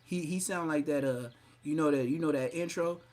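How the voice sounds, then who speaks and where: A man's voice: fairly high pitch, normal speed, slight background noise. A man hosting a live podcast stream, mocking and roasting someone in a profane, rowdy way. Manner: mocking, profane, loud outbursts. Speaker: podcast host.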